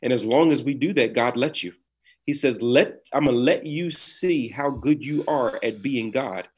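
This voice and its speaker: A man's voice: mid-range voice, normal speed, slightly rough. A man speaking as a podcast guest with an earnest, sermon-like cadence, talking from a small room over a video call. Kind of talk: preaching in conversation.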